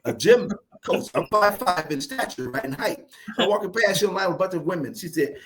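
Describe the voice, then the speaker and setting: Lively fast-talking man, animated. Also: high-pitched. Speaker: guest speaker. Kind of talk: casual interview chat.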